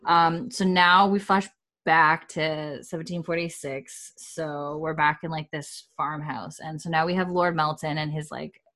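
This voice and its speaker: A woman in casual chat, retelling a TV scene with quick quoted voices and laughter. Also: deep voice, steady tone, a bit bright. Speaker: podcast co-host. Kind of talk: casual chat recapping a TV episode.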